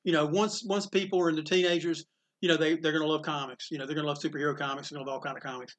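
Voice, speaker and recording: A man, a comic shop owner, telling animated stories in a casual interview and acting out the voices of people in them. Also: a little high, rapid-fire. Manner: animated storyteller, acts out quotes, laughs often.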